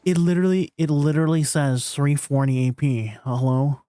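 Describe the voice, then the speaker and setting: A man's voice: fairly high pitch, steady tone, normal speed, mellow, clean tone, no echo, faint music behind. A young man streaming a game, answering his viewers in a teasing, incredulous way. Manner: incredulous, teasing replies to chat. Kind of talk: live stream chat with viewers.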